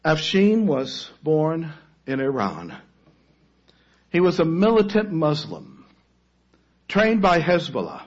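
A man preaching a sermon, telling a story dramatically, rising to loud cries and then falling to a near-hush. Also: on the high side, wildly swooping pitch, slow pace, long pauses, muffled recording.

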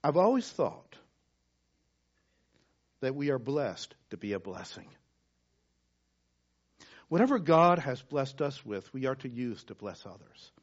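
A male pastor preaching a sermon, swinging from loud emphasis down to hushed, near-whispered words. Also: mid-range voice, sing-song, unhurried, long pauses. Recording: dull lo-fi sound.

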